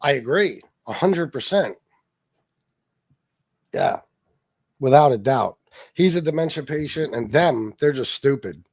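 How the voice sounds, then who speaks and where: A man's voice: medium pitch, lively intonation, measured pace, pauses often. A man with an ordinary mid-range voice hosts a casual political livestream. He reads chat comments aloud and answers them with profane, mocking sarcasm. His voice sounds dry and close, with no room echo. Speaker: livestream host.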